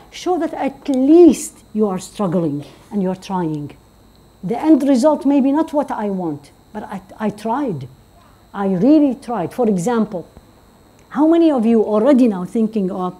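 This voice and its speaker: Woman, religious teacher; warm, breathy tone, earnest, quizzes the room. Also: sing-song, normal speed. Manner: earnest, questioning the audience, rising to emphatic high points. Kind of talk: religious talk to women. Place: community centre hall.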